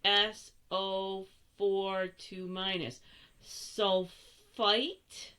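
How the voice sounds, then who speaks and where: A woman's voice: medium pitch, flat delivery, drawn-out words, sharp tone, smooth. An older woman teaching a chemistry lesson, chatty and playful, correcting herself as she goes. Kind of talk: recorded classroom lesson.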